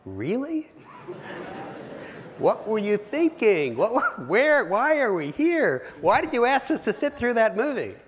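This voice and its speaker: A man voicing exasperated, incredulous film distributors in a high, strained tone during a keynote in a big hall. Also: huge pitch swings, unhurried, a little hiss or hum, heavily acted. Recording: long reverb of a big hall.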